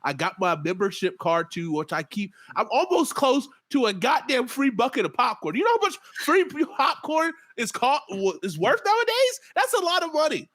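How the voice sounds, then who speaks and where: A young man chatting on a podcast with a high-pitched voice that swings up and down a lot. He tells his stories in a loose, slangy way and laughs easily. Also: moderate pace, few pauses. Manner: animated, laughing, slangy storyteller. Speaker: podcast co-host. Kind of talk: casual chat.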